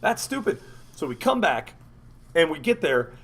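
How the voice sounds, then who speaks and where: A man tells a story to friends on a casual talk show. He swears freely and his fairly high voice swoops up and down with energy. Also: moderate pace, breathy edge. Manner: animated, profane, acts out quotes. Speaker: podcast host.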